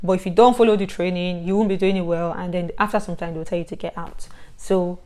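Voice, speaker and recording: Lively Nigerian woman vlogging. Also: fairly low pitch, fast. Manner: chatty and animated, with sudden loud bursts and laughs. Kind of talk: casual advice vlog.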